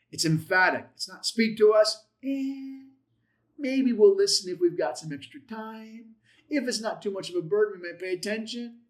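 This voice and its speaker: A man teaching a Bible class on Hebrew verbs, his voice sitting a little high for a man. He talks with strong emphasis, pushing some words out loudly and dropping others to near a murmur. When he reads scripture aloud he acts it out, lifting his pitch for the quoted lines. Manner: emphatic, swings loud and soft for stress. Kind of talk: Hebrew grammar lesson.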